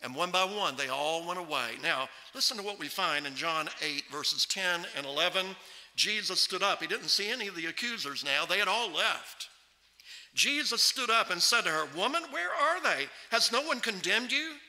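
A man preaching a sermon at a microphone in a church, emphatic and slowing right down to stress scripture. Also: a little high, sharp tone. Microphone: microphone on a stand. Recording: long hall reverb from a church.

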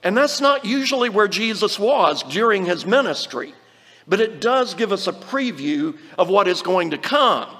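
A high-pitched man teaches from the Bible in an earnest, explanatory sermon, slowing right down whenever he reads a verse aloud. His voice carries a long reverb, as if it were spoken in a large hall. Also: expressive, pushed and bright. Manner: earnest, explanatory, slows down to quote scripture. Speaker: preacher.

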